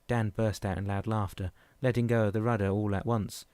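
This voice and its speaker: Low-voiced male audiobook narrator. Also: steady tone, brisk, few pauses, a little mellow, dry recording. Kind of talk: scripted narration.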